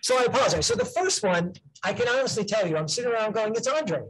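At a school board meeting, a presenter reads student names one by one, halting, stumbling and correcting themself as they take care over pronunciations. The mid-range voice is husky, and the recording quality is low.

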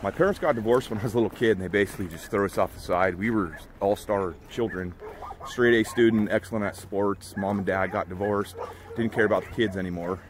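A man's voice: on the low side, fairly quick. A man vlogging at an outdoor dog park, talking in a rambling, confiding way with slang, with dogs and traffic behind him. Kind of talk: casual vlog monologue.

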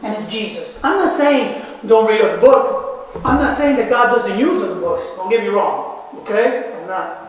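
A woman preaching a sermon to a congregation, animated and exclaiming, calling out to her listeners. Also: medium pitch, moderate pace. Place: large church sanctuary. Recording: echoey church hall from far off. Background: congregation answering amen.

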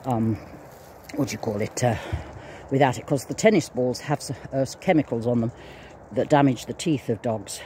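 A man in his sixties, with a warm mid-range voice and a little hiss or hum on the recording, chats casually while walking his dog through fields. He drifts from topic to topic and breaks off now and then to speak to the dog.

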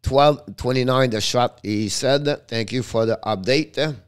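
Male hockey commentator, smooth voice, choppy English, rapid live play-by-play. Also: mid-range voice. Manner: halting non-native English, rapid call of the action; chats with viewers between plays.

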